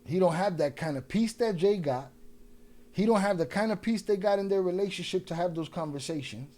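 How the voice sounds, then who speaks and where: A man's voice: high-pitched, a little fast, darkish tone. A man hosting a podcast, reacting to clips in heated, profane commentary and mocking the guest. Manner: profane, mocking, talks back at the clip.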